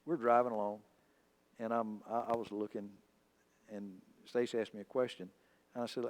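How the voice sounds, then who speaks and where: A man's voice: lowish voice, little pitch movement, moderate pace, long pauses. A male pastor preaching a sermon, telling folksy, humorous stories in a conversational way. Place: church sanctuary.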